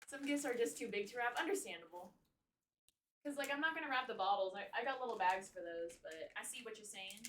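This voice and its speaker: Chatty bright-voiced woman streamer, roomy echo. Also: medium pitch, animated, a little fast, distant mic, slight background noise. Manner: chatty, swears casually, slips into a playful put-on accent. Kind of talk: casual live-stream chat while wrapping gifts. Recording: roomy echo, speaking away from the mic.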